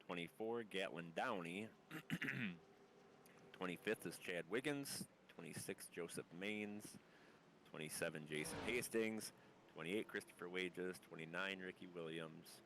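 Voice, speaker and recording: A race commentator calls a sim race live, sounding muffled and under the weather as he reads a long lineup and stumbles over hard names. His deep voice is unhurried and fairly bright in tone, with a little hiss or hum on the recording.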